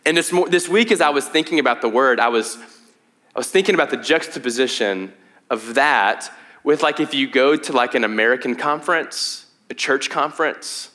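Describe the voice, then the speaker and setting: A young man gives a sermon in a loose, conversational way, stumbling over restarts and fillers as he goes. His voice is bright and forward, at an ordinary middle pitch for a man. He drops to a hushed tone in prayer and becomes animated when he tells stories. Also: normal speed. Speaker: pastor.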